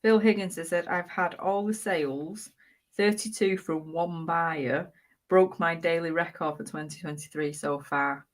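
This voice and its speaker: A woman with a notably low voice co-hosts a relaxed live-stream chat. She reads out viewer comments and laughs easily between them. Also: a little slow. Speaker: co-host of a live reselling chat.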